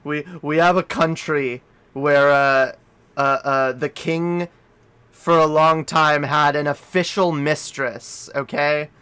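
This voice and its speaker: Canadian guy streaming, rambling slow rant, swears a lot, bit high voice. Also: steady tone, sharp tone, clear, resonant tone. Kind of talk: casual livestream chat.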